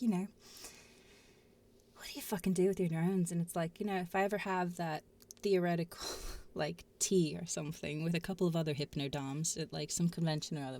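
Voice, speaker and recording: A woman's voice: low-pitched, creaky, slight background noise. A woman hosting a livestream, chatting casually in a rambling, sweary way with frequent giggles. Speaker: stream host.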